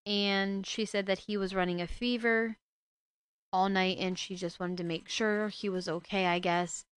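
Woman host retelling a book casually, worked-up asides, smooth voice, dry close sound. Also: mid-range voice, steady tone, moderate pace, no echo. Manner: indignant, emotional asides.

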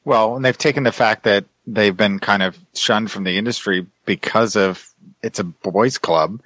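A man's voice: lowish voice, moderate pace, a bit bright, no echo. A man on a casual podcast, thinking aloud and restarting his sentences as he makes his point. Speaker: podcast co-host.

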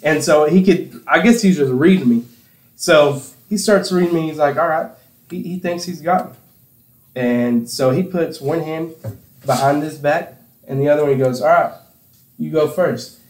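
A man's voice: on the high side, normal speed, a little mellow. Young man telling stories in an echoey room. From Campbell County, Tennessee. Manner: laughs often, rambling anecdotes. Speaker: podcast host. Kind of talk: casual chat, storytelling.

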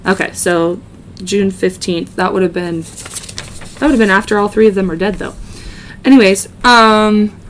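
A woman's voice: mid-range voice, unhurried, long pauses, a little hiss or hum. A woman hosting a podcast, casually narrating a true-crime case with joking asides and many ums. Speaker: podcast host.

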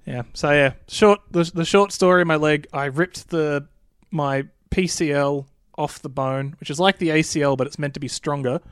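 A man's voice: a little high, normal speed, smooth, no echo, clean studio sound. A young Australian man co-hosting a gaming podcast, wry and casually swearing. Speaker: podcast co-host.

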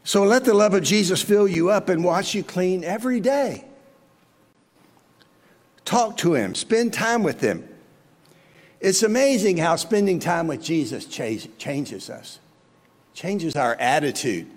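A man's voice: sits high, very animated, unhurried, long pauses, big-room sound. A male pastor preaching a sermon, earnest and full of rhetorical questions to his listeners.

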